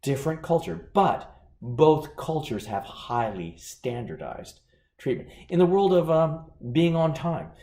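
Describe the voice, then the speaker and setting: A man giving a business lecture, animated and acting out anecdotes as he teaches. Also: on the high side, measured pace, echoey room. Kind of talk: lecture with storytelling.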